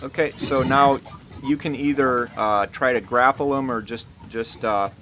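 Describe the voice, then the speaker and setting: A man narrating as dungeon master, explaining rules in a relaxed, rambling way with many fillers. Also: medium pitch, unhurried, rough recording. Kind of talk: narrating a tabletop game. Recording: loud background noise.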